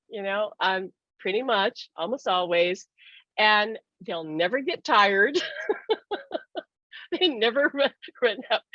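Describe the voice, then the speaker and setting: A woman's voice: medium pitch, no room sound. A woman hosting a casual spiritual talk, chatty, laughing often and acting out the voices she quotes. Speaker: host. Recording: dry, dull lo-fi sound.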